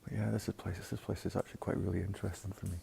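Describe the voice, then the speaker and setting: A man's voice: deep voice, little pitch movement, very fast, gravelly, mellow, slight background noise. A man vlogging a casual walking tour outdoors, slightly out of breath and talking to his viewers. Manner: casual, rambling, talks to viewers as guys. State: a bit out of breath. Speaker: urban explorer vlogger. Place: outdoors at an abandoned brickworks.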